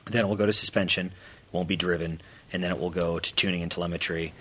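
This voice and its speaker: A man's voice: low voice, quick pace, breathy edge. A man who runs a parts engineering company, chatting casually and animatedly about car builds. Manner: animated, acts out quoted voices. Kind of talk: casual chat.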